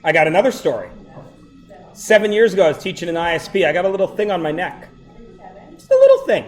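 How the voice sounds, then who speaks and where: A middle-aged male teacher telling funny personal stories to his class, animated and breaking into loud exclamations. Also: high voice, quick pace, faint music behind. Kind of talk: storytelling to a class.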